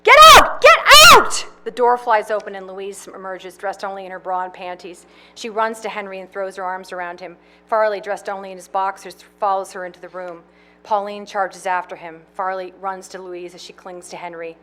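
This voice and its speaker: A woman reading the stage directions of her own play aloud in a measured, matter-of-fact way. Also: medium pitch, flat delivery, slight background noise. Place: conference reading.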